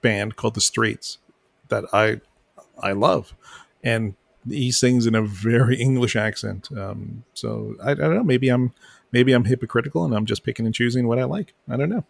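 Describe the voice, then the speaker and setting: A man's voice: medium pitch, moderate pace, vocal fry, dry recording. A man co-hosting a podcast in casual chat who stammers, repeats his words and pokes fun at himself. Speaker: podcast co-host.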